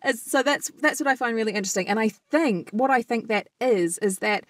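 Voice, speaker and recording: A woman's voice: fairly high pitch, a little fast, dry recording. A woman with a New Zealand accent co-hosting a podcast, chatting casually and thinking aloud with restarts. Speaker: podcast co-host. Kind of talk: casual chat.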